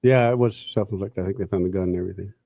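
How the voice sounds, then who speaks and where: A man with a fairly low voice co-hosting a casual talk radio show. He chimes in often with short agreeing remarks and easy chatter. The studio sound is dry and close. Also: very fast, gravelly, dark tone, dry recording. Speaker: radio co-host.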